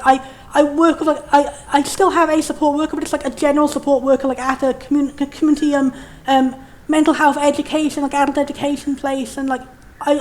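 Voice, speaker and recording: High-voiced young woman, frank and rambling. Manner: frank, rambling, with many restarts and swearing. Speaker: game reviewer. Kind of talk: candid game commentary.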